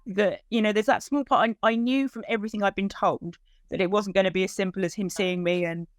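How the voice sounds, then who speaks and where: Fast-talking and medium-pitched, she narrates the emotional hunt for her missing dog and acts out the conversations. The retelling is animated, her voice lifting when she's moved, and the studio recording is clean without echo.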